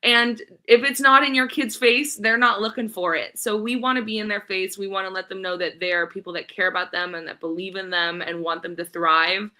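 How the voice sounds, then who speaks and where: Bright, eager-sounding woman guest. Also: medium pitch, steady tone. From Southern California. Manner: upbeat, eager, talks quickly when giving contact details. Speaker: podcast guest, nonprofit founder. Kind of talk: casual interview chat.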